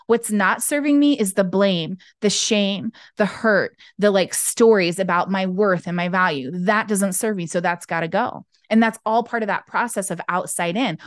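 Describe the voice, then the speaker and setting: A woman guest talking candidly in an interview over a video call, expressive and acting out the voices she quotes. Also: medium pitch, normal speed, hardly any pauses, no echo, clean studio sound. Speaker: podcast guest, intuitive business owner. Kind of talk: candid conversational interview talk.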